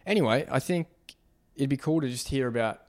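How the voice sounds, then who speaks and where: A man hosting a podcast interview, talking in halting phrases with many fillers and restarts. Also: medium pitch, darkish tone. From Australia. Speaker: podcast host. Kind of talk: casual interview chat.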